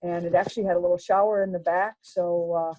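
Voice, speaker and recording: A woman's voice: fairly low pitch, fairly even intonation, fast talker, dark tone. A middle-aged woman, a sports official telling stories from her career in a chatty way, with many fillers and restarts. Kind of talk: casual storytelling. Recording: dull lo-fi sound.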